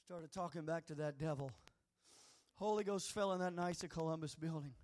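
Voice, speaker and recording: High-voiced man preaching a story. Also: normal speed. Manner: animated preaching, conversational with repetitions. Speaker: pastor. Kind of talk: sermon storytelling.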